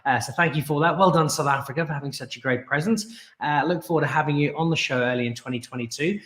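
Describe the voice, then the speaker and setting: A man's voice: fairly high pitch, quick pace, a bit bright, echoey room. A man hosting a live wine show, chatty and upbeat, who introduces guests and jokes with them. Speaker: show host.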